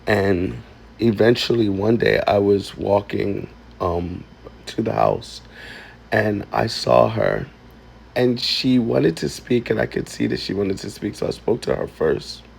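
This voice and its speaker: A man telling a painful personal story, halting and emotional, close to tears. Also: on the low side, sing-song, gravelly, slight background noise. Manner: emotional, halting, with many ums and likes. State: tearful. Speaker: vlogger.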